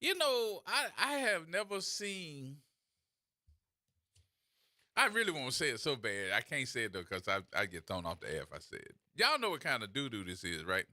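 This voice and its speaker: Animated, sarcastic New radio host. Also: male voice, medium pitch, moderate pace, no room sound. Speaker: radio talk show host. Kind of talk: opinionated call-out commentary.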